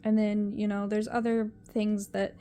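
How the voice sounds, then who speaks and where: A young woman talks to camera in a personal vlog, emotional and rambling, often repeating herself. Her mid-range voice is mellow and level, unhurried, with slight background noise.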